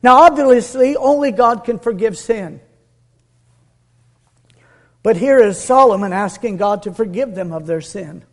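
A man preaching a sermon with earnest conviction, dropping to a hush and building to emphatic peaks. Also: high-pitched, measured pace, long pauses.

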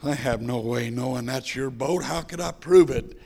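A man preaching, voicing a shopkeeper who speaks low, measured and gentle. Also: gravelly, breathy edge. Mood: matter-of-fact. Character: calm older male shopkeeper.

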